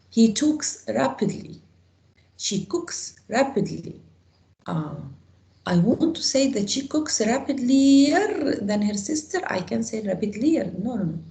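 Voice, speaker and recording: A woman's voice: medium pitch, creaky, warm tone, reverberant, low-quality recording. A woman teaching an English grammar lesson to a class, explaining step by step and asking the students questions.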